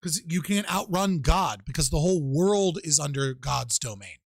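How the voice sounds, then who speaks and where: A man hosting a casual online panel debate, retelling stories in a swearing, animated way and acting out the quotes. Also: fairly high pitch, normal speed, gravelly, no room sound. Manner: profane, animated storytelling with mock-quoted voices. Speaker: show host.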